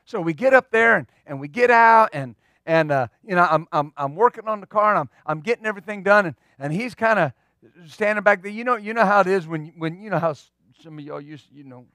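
A middle-aged man, a pastor, telling a story in a sermon with folksy humor and lively, repeating speech. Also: high voice, a little fast, no room sound.

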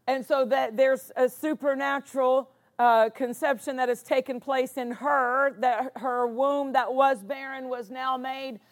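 Slow, high-voiced woman preaching emphatically. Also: steady tone. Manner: emphatic, repeats words for stress. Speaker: pastor. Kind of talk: sermon.

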